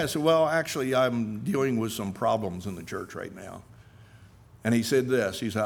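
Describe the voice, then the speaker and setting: A man's voice: moderate pace, gravelly. A middle-aged male pastor preaching a sermon with earnest emphasis, telling personal stories and reading scripture. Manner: earnest preaching, with rises in pitch and loudness for emphasis; acts out quoted speakers while telling stories.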